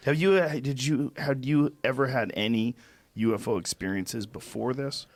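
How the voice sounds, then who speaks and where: A man's voice: mid-range voice, moderate pace, dry recording. A man hosting a casual podcast interview, prompting his guest with questions. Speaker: podcast host.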